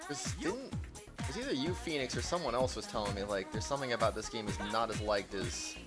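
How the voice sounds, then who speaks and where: A man's voice: mid-range voice, animated, brisk. A man streaming a video game, chatting in a rambling, goofy way and humming along. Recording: voice over loud game music.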